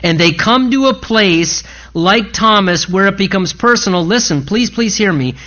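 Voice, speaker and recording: A man's voice: sits high, animated, moderate pace, bright, forceful tone. A man pastor delivers an impassioned sermon, his voice climbing and dropping with feeling as he pleads with the congregation. The church recording sounds a little muffled and lo-fi. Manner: earnest, impassioned preaching with pleading asides.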